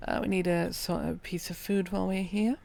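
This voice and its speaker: A woman streamer quietly thinking aloud as she plays a game, in calm, relaxed commentary at her computer. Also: fairly low pitch, fairly quick, creaky. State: hiccuping.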